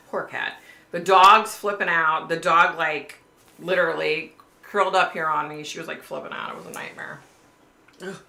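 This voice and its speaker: A woman's voice: sits low, steady tone, normal speed, creaky, sharp tone, roomy sound. A middle-aged woman hosting a casual livestream, rambling chattily to her viewers, swearing freely and saying "like" often. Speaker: psychic livestream host.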